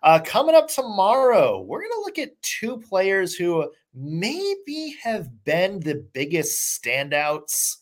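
A sports podcast host talking casually, relaxed, with frequent "uh" fillers. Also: medium pitch, takes it slowly, few pauses.

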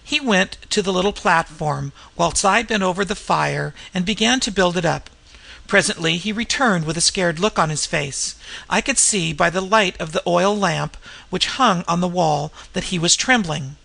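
A narrator reading a first-person ghost story in a measured, tense way. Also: medium pitch, vocal fry, bright, forceful tone. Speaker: audiobook narrator.

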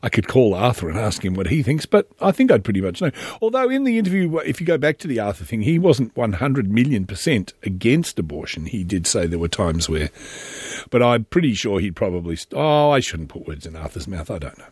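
A man's voice: on the low side, sing-song, a little fast, darkish tone, husky, no room sound, clean studio sound. A middle-aged man, hosting a podcast and rambling through a sardonic solo commentary full of joking asides. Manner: sardonic, meandering, jokey asides. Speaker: podcast host.

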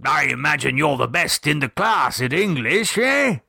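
A chatty, pompous older English gentleman, as a male narrator puts him on, told in an audiobook. The voice sits a little higher than the reader's own and bounces up and down a great deal. The recording is close and dry. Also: very animated, moderate pace, creaky, husky, dry recording, full character voice. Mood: genial gossip. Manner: pompous, old-fashioned turns of phrase.

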